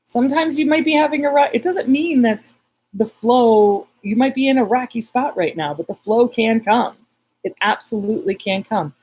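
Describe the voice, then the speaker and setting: A woman's voice: fairly high pitch, expressive, normal speed, darkish tone, slightly rough, rough recording. A woman psychic medium telling a story in a casual live stream, rambling with many restarts and reading viewer comments aloud.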